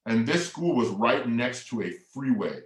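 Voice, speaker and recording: A man presenting a family workshop, telling a story in a lively way, acting out quotes and leading the audience in movements. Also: medium pitch, a little slow. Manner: animated storyteller who acts out quotes and leads the audience in movements. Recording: echoey room.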